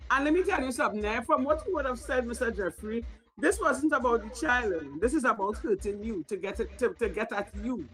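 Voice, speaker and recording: A woman's voice: a little high, a bit bright, rough recording. A woman hosting a call-in show, speaking frankly and coaxing the caller to go on. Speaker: host.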